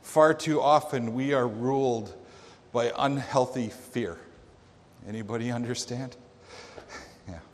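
A male pastor preaching a sermon, telling a story dramatically with emphatic pauses. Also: mid-range voice, a little hiss or hum. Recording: long reverb of a large hall.

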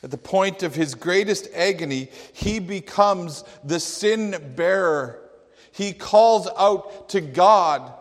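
A man preaching a sermon, slow and emphatic, with dramatic quotations. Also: high voice. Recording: long hall reverb.

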